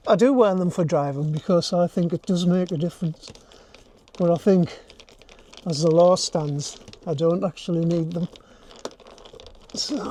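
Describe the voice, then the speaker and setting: A man's voice: high-pitched, warm tone, a little hiss or hum. Chatty older man fixing his camper van. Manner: chatty, self-mocking, thinking aloud while working. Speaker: vlogger. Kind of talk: casual DIY vlog talk to camera. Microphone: handheld camera.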